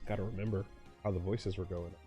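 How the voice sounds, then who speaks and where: A man with a low voice and fairly even intonation talks fast over faint music. He's hosting a casual let's play, rambling about the game, restarting sentences, cutting himself off, and bursting into loud laughter.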